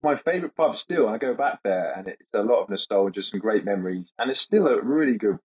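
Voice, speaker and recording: A man's voice: fairly low pitch, expressive, fairly quick, a little mellow. A man in his thirties, a comedian guest, telling casual anecdotes in a hesitant, rambling way and laughing through them. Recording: dull lo-fi podcast audio.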